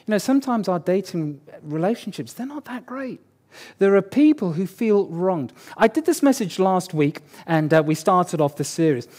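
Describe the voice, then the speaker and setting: High-voiced man preaching a sermon. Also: lively intonation, normal speed, darkish tone. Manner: conversational and joking, repeats key words for emphasis. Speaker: pastor.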